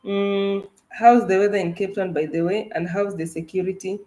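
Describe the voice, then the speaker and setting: A woman's voice: medium pitch, steady tone, moderate pace, dark tone, reverberant, rough recording. A woman from Kenya, a travel vlogger, chatting casually and animatedly with her co-host about her trip, with frequent restarts. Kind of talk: casual livestream chat.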